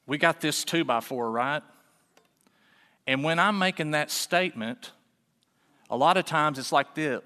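A man preaching a sermon in a relaxed, folksy way, full of rhetorical questions, in a church sanctuary. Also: mid-range voice, long reverb tail. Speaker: pastor.

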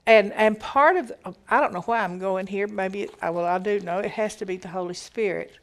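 A woman's voice: mid-range voice, moderate pace. A woman giving a conversational Bible teaching, reading verses aloud and explaining them with emphatic repetition.

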